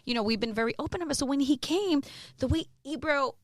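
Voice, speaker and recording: A woman radio host telling candid stories in a casual interview, animated and quick to laugh, swearing freely. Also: high-pitched, dry recording, clean studio sound.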